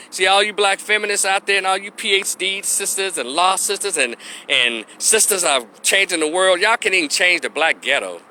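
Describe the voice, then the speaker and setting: A man's voice: on the high side, pushed and bright, slight background noise. Blunt profane man ranting. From Memphis, Tennessee. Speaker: opinion vlogger. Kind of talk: unscripted rant.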